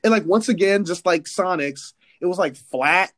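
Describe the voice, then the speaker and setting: A man's voice: sits high, moderate pace. A man co-hosting a podcast, telling stories casually with slang and joking asides. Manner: lively, joking, slangy storytelling. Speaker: podcast co-host. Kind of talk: casual chat.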